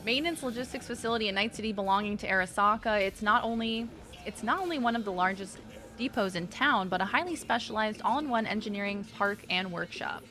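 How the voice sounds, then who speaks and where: Bright giggly woman streaming a game. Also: medium pitch, fast talker, faint music behind. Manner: giggly, playful, chatty, greets chat. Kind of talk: casual live-stream chat while playing.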